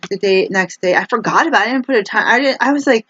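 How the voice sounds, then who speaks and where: A fairly high-pitched, slightly bright female voice moves at a quick pace, with no room sound. She's a vlogger rambling casually to camera, chatty and meandering, with plenty of "like" and restarts. The recording sounds dull and lo-fi, with faint noise.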